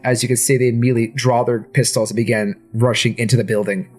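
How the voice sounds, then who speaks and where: A man's voice: mid-range voice, level tone, fast, darkish tone. A man narrating a tabletop game as game master, with descriptive, dramatic narration.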